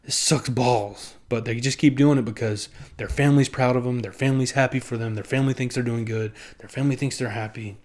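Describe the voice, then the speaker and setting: A young man talks casually to camera in a rambling, profane, self-mocking way, laughing often and briefly acting out other people in quick put-on voices. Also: medium pitch, fairly even intonation, darkish tone. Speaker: vlogger.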